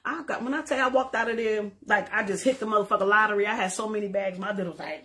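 Woman, middle-aged, high voice, animated, profane, laughing, casual live chat. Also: fairly quick, hardly any pauses, a little hiss or hum. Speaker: social media creator.

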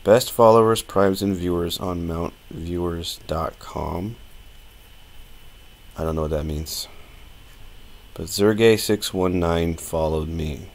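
A man's voice: low voice, slow, long pauses. A man casually talking through a live-streamed modeling tutorial, thinking aloud with plenty of fillers and restarts.

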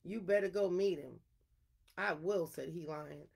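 A woman reading an animal folk tale aloud in an unhurried storytelling manner, her throat a little irritated. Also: fairly low pitch, gravelly, a little mellow, breathy edge.

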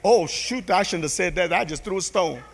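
A man's voice: high-pitched, lively intonation, moderate pace, vocal fry. A middle-aged man preaching, telling a personal story to a congregation with many restarts and "you know", acting out what people said. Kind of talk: testimony sermon to a congregation. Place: church hall. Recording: long church hall reverb.

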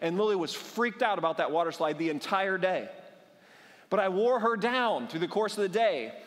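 A man's voice: sits high, expressive, moderate pace. A male pastor preaching a sermon, telling a humorous personal story and building to fervent exhortation. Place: church sanctuary. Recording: long church hall reverb.

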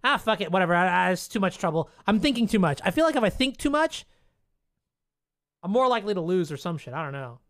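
A streamer giving casual live commentary on their own card game, muttering, swearing and breaking into excited outbursts. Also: mid-range voice, fast, dry recording, clean studio sound. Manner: chats to chat and opponent.

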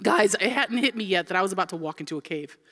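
A woman's voice: mid-range voice, quick pace. A woman in her forties from Florida, a pastor telling a funny story in a sermon and acting out the people in it. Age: 40s. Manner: animated, comic, acts out quoted voices.

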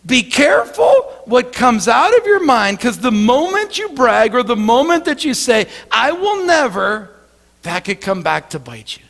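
A man's voice: very high-pitched, very animated, a little slow, creaky, fairly bright tone, long reverb tail. A male pastor giving an earnest sermon, often repeating words as he starts his sentences.

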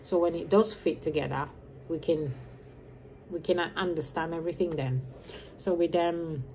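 A woman in her fifties, raised in Birmingham, talks on and on in a loose, wandering vlog chat, dropping her H's as she goes. Her voice sits a little low and sounds soft and mellow. A faint hum of ambient noise runs behind her. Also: moderate pace. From grew up in Birmingham, England. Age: 50s. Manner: chatty and meandering, drops her H's. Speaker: vlogger. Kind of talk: casual rambling chat.

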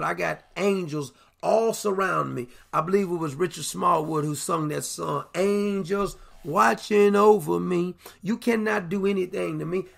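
A man with a high, gravelly voice preaching over the air in a loose, conversational sermon. His tone is husky and breathy, and he talks animatedly, repeating words and acting out the people in his stories. He sounds like he is in a broadcast studio. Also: a bit bright.

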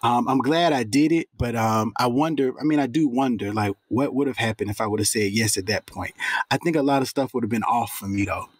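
Animated, slangy male actor telling stories. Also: medium pitch, fairly quick, slightly rough, dry recording. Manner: animated, slangy, acts out quoted voices. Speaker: actor guest. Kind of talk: casual interview storytelling.

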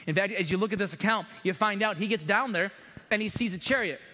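High-voiced preacher in a reverberant church. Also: male voice, quick pace. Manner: animated preaching with acted prayers to God. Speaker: pastor. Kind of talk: sermon. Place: church sanctuary. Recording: long hall reverb in a church.

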